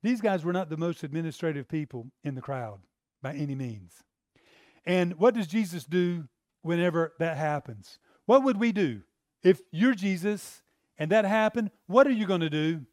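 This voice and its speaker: Male preacher, chatty sermon, rhetorical questions, slightly high voice, dry close sound. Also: expressive, moderate pace, no room sound. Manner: conversational, rhetorical questions to the congregation.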